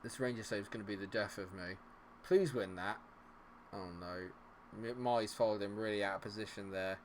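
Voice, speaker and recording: A man's voice: fairly low pitch, moderate pace, slight background noise. A man giving live commentary over a football management game, sarcastic and exasperated, swinging between grumbling and cheering. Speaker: gaming streamer.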